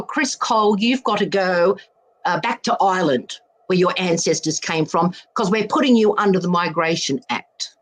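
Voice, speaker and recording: A woman in her seventies from Australia, an interview guest giving an emphatic, emotional personal testimony, repeating words for force. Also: medium pitch. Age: 70s.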